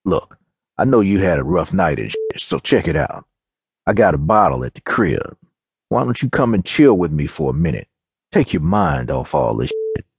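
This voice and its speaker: Slangy street tough in an audiobook, low gravelly swagger, as the narrator plays him. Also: male voice, very animated, moderate pace, no room sound, clean studio sound, full character voice. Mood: cocky. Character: cocky, menacing streetwise young man.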